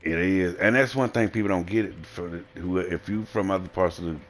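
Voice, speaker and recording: A man's voice: sits low, a little fast, faint music behind. A man with a Southern American accent, livestreaming a blunt, rambling and profane casual monologue. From Southern United States.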